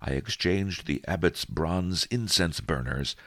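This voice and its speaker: A man with a low, fairly bright voice reads an audiobook at an unhurried pace in a dry recording. He voices a wily old male storyteller who spins his tale in a wry, sly way.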